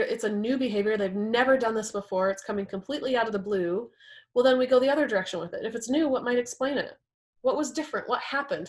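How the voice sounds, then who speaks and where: Woman leading a relationship workshop. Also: on the high side. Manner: conversational, acts out example quotes. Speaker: workshop presenter. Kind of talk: live workshop talk.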